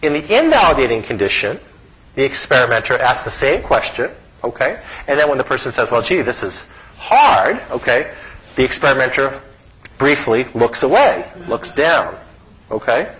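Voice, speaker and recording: A middle-aged man, a psychology professor, giving an animated lecture with chuckling asides and frequent "okay?" check-ins. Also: mid-range voice, moderate pace, rough recording.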